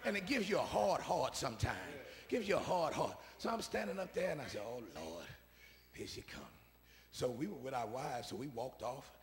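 A man a call-and-response sermon, repeating his phrases and swinging from soft asides to shouts. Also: a little high, big pitch swings, a little fast, hardly any pauses. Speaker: preacher. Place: church sanctuary. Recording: preaching in a reverberant church hall.

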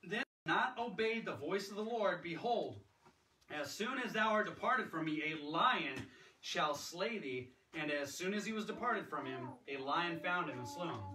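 A man with a slightly high, bright voice preaches a sermon in a church sanctuary, expressive and forceful yet unhurried. His manner is conversational and he acts out quotes, while the recording is echoey, with a distant mic and background noise.

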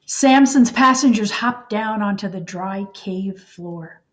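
A woman reading a children's storybook aloud in an expressive, unhurried way. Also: medium pitch, a little hiss or hum. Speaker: storybook reader.

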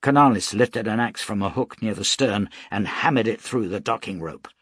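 A man narrating an audiobook in a measured, dramatic storytelling manner. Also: on the low side, fairly bright tone, husky, dry recording, clean studio sound.

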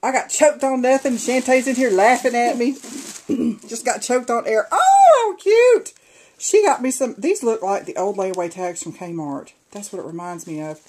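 A woman with a fairly high, darkish voice and a breathy edge speaks at a moderate pace on a rough recording. Opening a swap box in a casual home unboxing vlog, she gushes over craft supplies and chats to viewers, calling them y'all.

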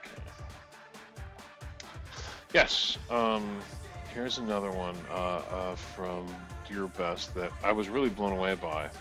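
A man's voice: low-pitched, steady tone, slow, long pauses, bright, forceful tone, faint music behind. A man co-hosting a casual live stream, joking loosely and laughing often as he presents product deals.

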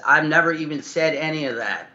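A man's voice: fairly high pitch, a little fast, pushed and bright. A man answering questions over a conference call, hesitant and rambling as he defends himself. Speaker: guest on a video call. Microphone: conference call line. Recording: dull video-call audio.

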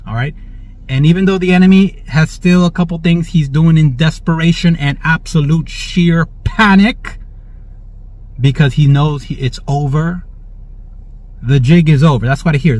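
Here a man with a fairly high voice hosts prophetic religious commentary, reading the news aloud and joyfully cutting in with praise. He repeatedly asks listeners "all right?" The recording is dry, dull, and lo-fi.

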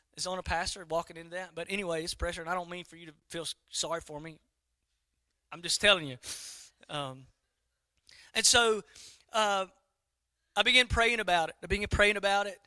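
A man's voice: sits high, clear, resonant tone, no echo. A middle-aged man, a pastor preaching a sermon and telling a story to his congregation. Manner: animated storytelling, talks to the congregation directly.

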